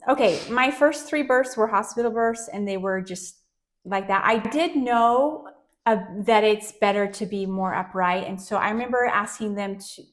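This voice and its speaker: A woman hosting a casual interview in a medium-pitched voice. She speaks conversationally and reflectively, and she mixes personal memories with curious questions. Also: normal speed. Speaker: host.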